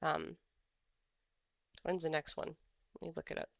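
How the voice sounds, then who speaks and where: A trading streamer chats through charts in a casual live commentary, drifting and thinking aloud. The voice has a gravelly, fry-edged texture. The sound is dry and a little dull, like a lo-fi home mic. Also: medium pitch, level tone, measured pace, a bit bright, no echo. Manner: rambling, thinks aloud while scrolling charts. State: has the hiccups.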